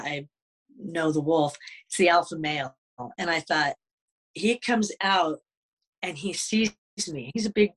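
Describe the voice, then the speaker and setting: A man, a wolf advocate guest, telling a story in an interview with many halting restarts. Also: a little high, a bit bright, low-quality recording.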